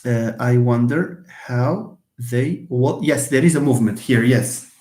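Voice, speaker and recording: Lively man teaching in an echoey room. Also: mid-range voice. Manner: lively, switches between fast asides and slow syllable-by-syllable explanation. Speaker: English linguistics teacher. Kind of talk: live online lesson. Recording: roomy echo.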